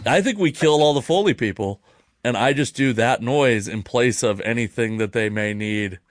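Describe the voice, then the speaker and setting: A man's voice: medium pitch, normal speed, no echo, studio quality. A man hosting a podcast in a jokey, self-deprecating way. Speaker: podcast host. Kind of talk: casual podcast chat.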